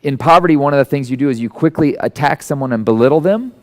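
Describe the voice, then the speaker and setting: A man giving a conversational sermon who tells stories and acts out the people in them with sudden jumps into a high voice. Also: quick pace. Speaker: guest speaker. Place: church hall.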